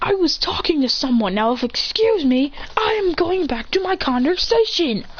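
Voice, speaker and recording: Lady doing a cocky boy ninja, yells way up high, sassy and bratty, dull lo-fi sound. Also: very animated, moderate pace. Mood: snippy. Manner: loud, bratty, sassy backtalk. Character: cocky shouting young male ninja student.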